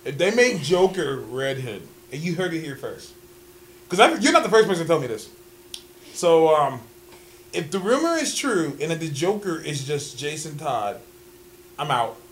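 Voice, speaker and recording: A man co-hosting a casual chat, talking in an animated, profane, opinionated way and laughing often. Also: a little high, normal speed, slight background noise.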